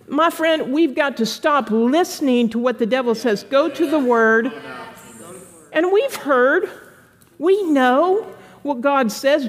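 A woman pastor preaching an animated sermon to a congregation, slipping into playful voices for quoted people. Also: sits high, unhurried, in a large hall. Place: church sanctuary with congregation.

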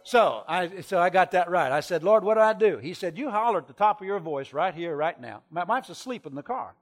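Preaching a sermon, a middle-aged man who travels for his ministry tells a story, shifting between hushed tones and shouting. His voice is high-pitched and expressive, and he talks a little fast.

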